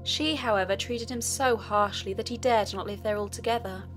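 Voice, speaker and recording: A woman narrating a fairy tale audiobook in a steady storytelling manner. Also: mid-range voice, normal speed, soft background music.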